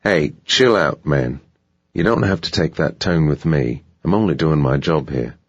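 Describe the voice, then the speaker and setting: A man's voice: rumbling low, expressive, unhurried, breathy edge, dry recording, muffled recording, full character voice. A man voicing a touchy, defensive hotel security guard who talks back with a mouthy attitude. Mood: defiant.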